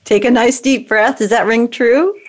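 A woman coaching someone through an emotional exercise, giving calm, directive prompts. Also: on the high side, normal speed. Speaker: emotional brain training coach. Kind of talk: guided coaching session.

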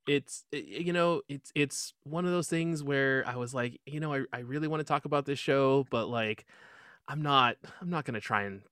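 A man's voice: mid-range voice, normal speed, a bit bright, clear, resonant tone, no room sound, studio quality. A man hosting his own podcast in a casual chat, rambling with lots of filler ums like a comic-book fan. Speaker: podcast host.

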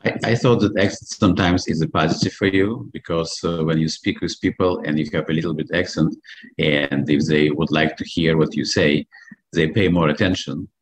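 A middle-aged man from Belarus with a Belarusian accent, a guest answering interview questions earnestly and with hesitant pauses. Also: a bass voice, steady tone.

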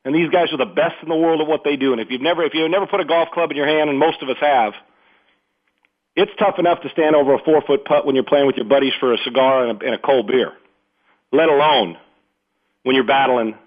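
A man hosting sports talk radio, rambling and emphatic, often repeating himself as he riffs. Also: medium pitch. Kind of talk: unscripted sports radio commentary. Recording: phone-like narrow band radio audio.

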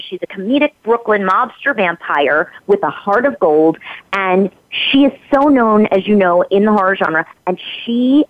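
A woman's voice: mid-range voice, no echo. A woman guest on a podcast interview, speaking in an emphatic, motivational way with repeated phrases. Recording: phone-line audio, dry.

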